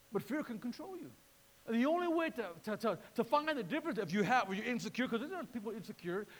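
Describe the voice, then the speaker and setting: A man preaching a sermon in a lively way, repeating words and acting out voices. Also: high voice, in a large hall. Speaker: pastor.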